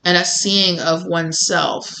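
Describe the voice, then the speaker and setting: A woman with a bright, sharp voice pitched a bit low gives a loose, chatty tarot reading. She rambles with lots of fillers and slips into quick acted-out quotes of what people say. Her delivery stays casual and unscripted throughout. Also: little pitch movement, gravelly, poor audio. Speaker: tarot reader.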